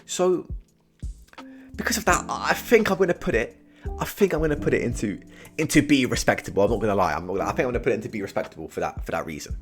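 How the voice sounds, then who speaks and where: Young british guy doing a comedy tier list, says bro a lot, goes from mumbly to yelling, mid pitch, bit of music under it. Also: quick pace. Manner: slangy and animated, keeps saying "bro", swings from mumbling to shouting.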